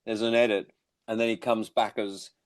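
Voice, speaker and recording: Wry, rambling musician. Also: male voice, lowish voice, level tone, normal speed, no echo. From born in England, raised in Australia. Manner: rambling, wry, self-deprecating humor. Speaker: musician guest. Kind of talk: casual interview chat.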